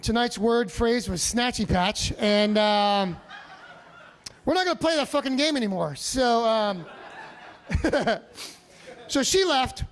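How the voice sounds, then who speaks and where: A male stand-up comedian telling a story on a comedy club stage, animated, profane and self-mocking. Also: extremely high pitch, slow pace, long pauses.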